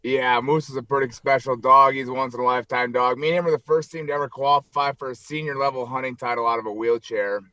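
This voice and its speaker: A man's voice: medium pitch, steady tone, quick pace, hardly any pauses, bright, forceful tone, dry recording. Upbeat joking man in a dry studio. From United States. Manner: upbeat, jokey storyteller. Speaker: guest. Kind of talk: casual radio interview chat.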